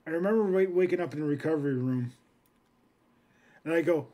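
This man's voice sits fairly high and moves a little fast. Co-hosting a podcast, he tells stories with animated energy in casual chat and swears freely.

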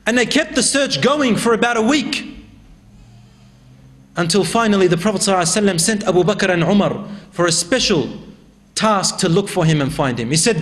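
A male preacher tells a religious story in a dramatic, emphatic way, swinging between loud and hushed delivery. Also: sits high, a little fast. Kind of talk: storytelling sermon.

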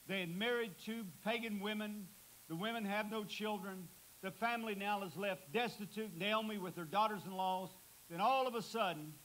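Man, high voice, preacher, emphatic sermon delivery, church, faint hiss. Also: a bit bright, low-quality recording. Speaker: guest preacher.

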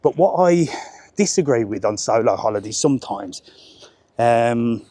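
A man's voice: medium pitch, lively intonation, unhurried, warm tone, dry recording. A man walking and talking into his phone on a seaside promenade, chatty and cheerful as he live-streams. His voice sits in an ordinary middle register for a man. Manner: chatty and upbeat, chats with passers-by. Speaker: travel vlogger. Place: outdoors on a busy seaside promenade.

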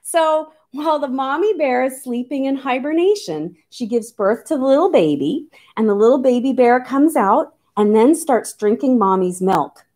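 A woman who teaches nature to children, speaking in an animated, sing-song, coaxing way as she shows live animals. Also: high voice, moderate pace, hardly any pauses. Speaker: nature educator.

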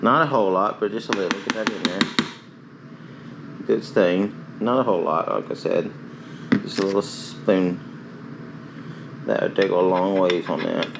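Chatty low-voiced man cooking at home. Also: fairly even intonation, moderate pace, creaky, pauses often, noisy background. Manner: chatty, rambling, self-talk while cooking. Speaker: cooking ASMR host. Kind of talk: casual cooking chat.

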